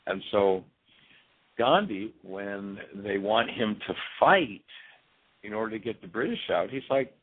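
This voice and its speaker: A man's voice: fairly low pitch, animated, unhurried, husky. Earnest man on a tinny phone line. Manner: earnest, storytelling, frequent restarts. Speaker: radio show guest. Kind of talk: radio interview talk. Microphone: telephone.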